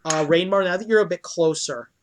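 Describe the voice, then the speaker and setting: A man narrating as dungeon master in a tabletop role-play game, loose and halting with many fillers. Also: high voice.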